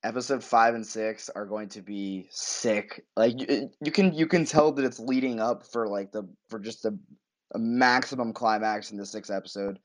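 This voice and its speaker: Excitable man recapping a TV episode. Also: normal speed. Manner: excitable, acts out scenes in high voices. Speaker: podcast co-host. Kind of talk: casual TV recap chat.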